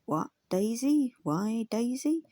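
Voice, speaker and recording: A woman voicing a slow, gentle old Quaker man coaxing his pony in a storybook reading. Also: a little high, big pitch swings, no room sound, studio quality, voice pushed up.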